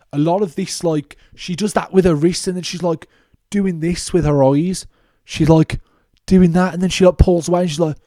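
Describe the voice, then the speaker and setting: A man's voice: on the high side, warm tone, dry recording, studio quality. A young man hosting a casual solo movie review podcast, ranting animatedly and swearing often. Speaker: podcast host.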